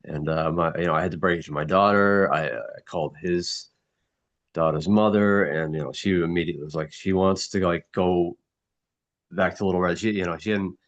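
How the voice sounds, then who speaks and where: A middle-aged man in a casual group chat, grieving and somber, talking haltingly with many restarts. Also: low voice, fairly even intonation, highs cut off. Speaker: mastermind group member.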